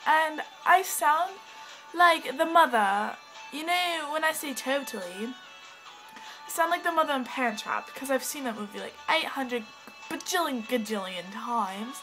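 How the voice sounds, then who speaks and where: A woman's voice: high-pitched, lively intonation, measured pace, bright, forceful tone, soft background music, poor audio. A woman rambling to her camera at home in a put-on English accent, bubbly and scattered, giggling and cutting herself off. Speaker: vlogger. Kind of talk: rambling casual vlog talk. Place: at home indoors, with a cat.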